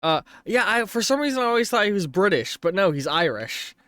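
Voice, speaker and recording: A man's voice: high-pitched, very animated, brisk, bright, forceful tone, clear, resonant tone, dry recording, studio quality. A man narrating as game master of a tabletop game on a stream, rambling and correcting himself as he goes.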